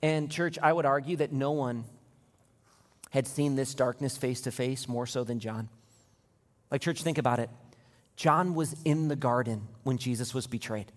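Impassioned preacher in a reverberant hall. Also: male voice, medium pitch, moderate pace. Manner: impassioned, rising to near-shouting in retold scenes. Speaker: pastor. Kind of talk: sermon.

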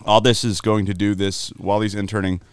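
A man's voice: on the low side, level tone, a little fast, clear, resonant tone, no room sound. A man hosting a podcast in casual, laid-back chat, laughing easily. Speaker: host.

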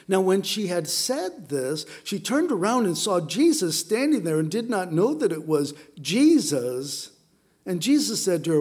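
A man's voice: sits high, big pitch swings, unhurried, a little mellow. A middle-aged man preaching a sermon, telling the story with playful asides to the congregation. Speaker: pastor.

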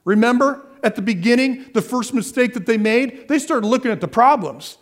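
A man's voice: extremely high pitch, lively intonation, normal speed. A man preaching a sermon as pastor, asking the crowd questions and answering them himself, repeating key phrases. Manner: repetitive, asks the crowd questions then answers.

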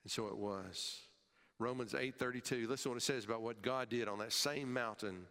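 A male pastor preaches a sermon emphatically at a moderate pace, his fairly bright voice rising and falling sharply and dropping low at phrase ends. He sometimes repeats words as he restarts, and a long hall reverb surrounds him.

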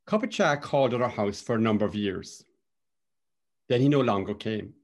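A middle-aged man from Cork with a Cork Irish accent, telling a personal story in a measured, wry and gently humorous way. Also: on the low side. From Cork, Ireland.

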